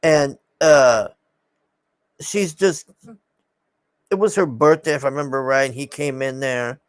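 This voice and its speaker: A man's voice: medium pitch, a little slow, smooth, dry recording. A man casually recapping a film in a rambling, exasperated way, swearing often and sighing.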